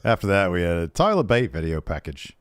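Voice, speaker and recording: A man co-hosts a podcast in casual chat, his pitch swinging lively and wide as he jokes and sighs over what he's recapping. The sound is dry and close, with no room around him. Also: a little fast, dry recording. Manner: animated, joking, exasperated asides. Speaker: podcast co-host.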